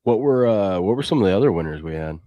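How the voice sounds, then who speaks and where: A man's voice: on the low side, quick pace, no echo, lo-fi sound. A man co-hosting a live sports betting show, chatting casually and reading viewer comments aloud. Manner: reads viewer chat aloud, rambling and excitable. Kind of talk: casual live-stream chat.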